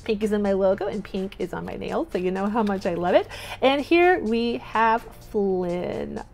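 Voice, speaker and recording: A woman's voice: medium pitch, moderate pace, a little mellow, faint music behind. A young woman hosting a toy unboxing vlog, bubbly and gushing, breaking into squeals and cheers. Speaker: toy unboxing channel host.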